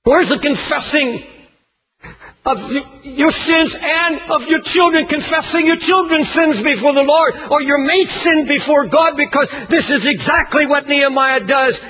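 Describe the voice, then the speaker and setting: A man delivers an impassioned sermon in a high voice, pushing question after question and climbing into shouts. The recording is dull and lo-fi, with a faint hiss underneath. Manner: impassioned, rising to shouts, then reading scripture lower and slower. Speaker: preacher.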